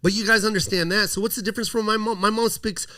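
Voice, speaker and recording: A man's voice: high voice, fairly even intonation, fast talker, sharp tone. A male comedian being interviewed, talking in a heated, emphatic way, repeating himself and swearing as he makes his point. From United States. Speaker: comedian guest.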